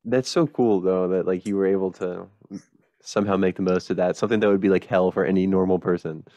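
A man's voice: sits low, steady tone, fast, warm tone, no echo, highs cut off. A male podcast host in casual chat, encouraging his guest and laughing often.

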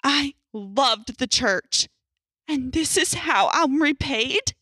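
A woman's voice: high-pitched, animated, takes it slowly, bright, forceful tone, no echo, studio quality, voice pushed up, full character voice. A woman voicing a tearful, resentful middle-aged mother who sniffles as she speaks, in a horror story reading. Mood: bitter.

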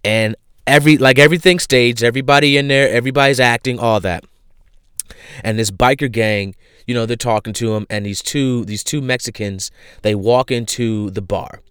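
A man casually retelling a show he recommends, animated and full of fillers. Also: medium pitch, moderate pace, smooth, no echo, studio quality. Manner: animated storyteller, many fillers.

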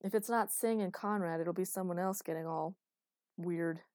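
A woman reading the lines of a big, gruff male commander in an audiobook, in a dry recording. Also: high voice, steady tone, moderate pace, darkish tone, no room sound, close to an everyday voice. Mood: steady. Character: big deep-voiced calm male commander.

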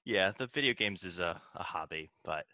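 A man, a musician, being interviewed over a video call, speaking in a measured, soft-spoken way. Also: sits low, animated, no room sound, highs cut off. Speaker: musician guest. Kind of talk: casual interview.

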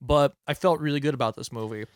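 A man co-hosting a podcast, chatting about a movie in a playful, jokey way with bursts of excitement. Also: medium pitch, quick pace, no echo. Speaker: podcast co-host. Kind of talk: casual movie review chat.

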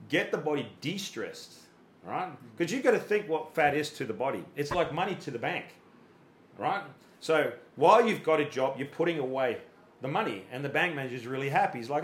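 Animated and a little fast, a man with a mid-range, fairly bright voice coaches athletes on a podcast. He reaches for everyday analogies and acted-out quotes, repeats words as he thinks, and the echoey room gives a roomy sound.

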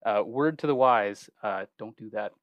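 A man from Canada hosting a trivia podcast in casual chat, easygoing and quick to laugh at himself. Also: fairly low pitch, no echo, muffled recording. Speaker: podcast host.

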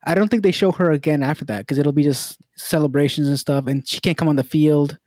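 A man co-hosting a casual sports podcast, talking in a relaxed, hedging way. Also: a little high, a little fast, no room sound. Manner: relaxed, hedging, laid-back. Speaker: podcast co-host. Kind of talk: casual banter about football bets.

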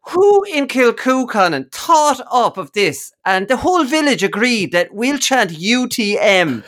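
A young Irish man hosting a sports podcast, telling stories in a lively, incredulous way and laughing often. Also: extremely high pitch, a little slow. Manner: animated, incredulous, laughing storyteller. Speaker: podcast host. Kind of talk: casual sports podcast banter.

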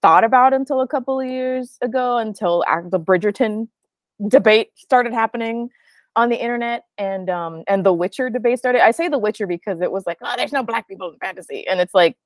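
A woman hosting a casual book discussion, asking questions in a relaxed, rambling way. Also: on the high side, fairly quick, dry recording.

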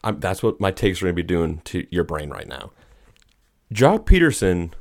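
A man's voice: sits low, big pitch swings, normal speed, darkish tone. A young man co-hosting a sports podcast, talking in a laid-back, hesitant way as he thinks aloud. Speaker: podcast co-host. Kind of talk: casual sports chat.

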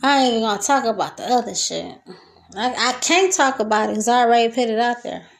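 A woman's voice: a little high, expressive, quick pace, vocal fry. A young woman hosting a solo podcast, venting in a loose, profane, laughing rant from her kitchen. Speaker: podcast host. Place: home kitchen.

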